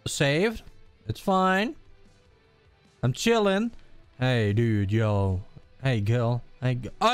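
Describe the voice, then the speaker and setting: A man talking over his gameplay, his pitch leaping all over between low mutters and high yelps. He drags his words out slowly and swears at the game. It sounds dry and close, with faint game music behind him. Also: no echo. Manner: excitable, swears and yells at the game. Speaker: gaming video host. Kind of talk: casual gameplay commentary.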